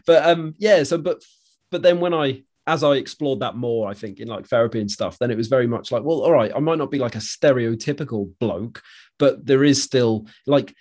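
A young man hosting a podcast, speaking softly and reflectively, with a self-deprecating manner. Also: medium pitch, a little fast. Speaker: podcast host. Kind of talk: reflective conversational chat.

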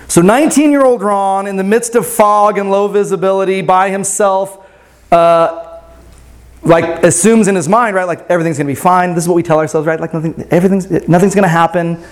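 A man's voice: sits high, steady tone, brisk. A pastor telling a story to his congregation in a casual sermon, often checking in with "right?".

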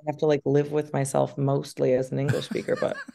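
Chatty woman with a gravelly edge. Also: extremely low pitch, fairly quick. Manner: animated, chatty, with many fillers. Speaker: actress, guest. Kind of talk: casual interview chat.

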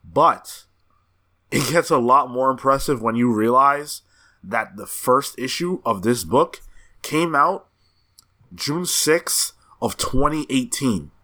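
A man's voice: mid-range voice, slow. A man co-hosting a comics podcast, leading the chat and moving it along to new topics. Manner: animated, sets up topics. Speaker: podcast co-host. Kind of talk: casual chat.

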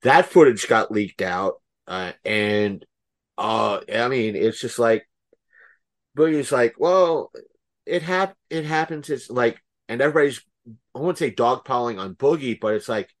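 A man co-hosting a podcast in casual chat, rambling and filling gaps with "uh" and "um," blunt and quick to swear. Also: mid-range voice. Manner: rambling, heavy with fillers and restarts. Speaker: podcast co-host.

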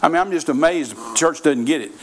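Man, preacher, lively swooping pitch, folksy storytelling sermon. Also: fairly quick. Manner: folksy storytelling, animated, repeats phrases.

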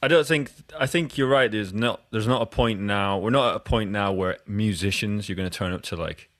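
Scottish guy hosting a podcast, deep voice, dry sound, rambles and restarts a lot. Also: brisk, a bit bright, dry recording. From Scotland. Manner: rambling, self-interrupting. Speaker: podcast host. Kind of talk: casual interview chat.

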